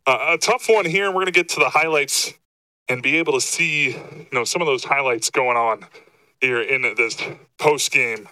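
A man hosting post-game football coverage, his bright, forceful voice close and dry on the mic. He talks slightly out of breath, with energy that lifts on each highlight. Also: moderate pace, smooth, dry recording, poor audio. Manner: energetic, rising excited pitch on highlights. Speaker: play-by-play sportscaster.

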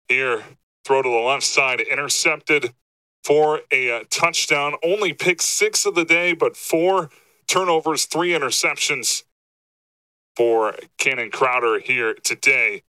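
A man calling post-game football highlights, a bit out of breath and lifting his voice with energy on the big plays. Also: smooth, no echo, poor audio. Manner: energetic, rising excited pitch on highlights. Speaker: play-by-play sportscaster.

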